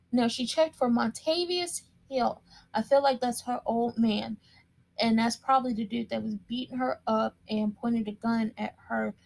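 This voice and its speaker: A woman's voice: on the high side, vocal fry. A woman giving a casual, opinionated recap of a TV episode, chatty and emphatic, repeating words for stress. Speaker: TV show recap commentator.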